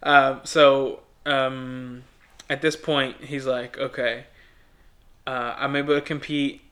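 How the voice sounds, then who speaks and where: Bright-voiced young man recapping a movie. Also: medium pitch, level tone, takes it slowly. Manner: rambling, filler-heavy retelling with quoted voices. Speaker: podcast co-host. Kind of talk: casual movie recap chat.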